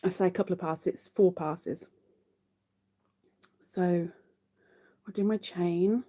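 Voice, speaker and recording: A woman's voice: lowish voice, steady tone, slow pace, warm tone. A woman hosting a live crochet stream, chatting casually to viewers while she counts her stitches.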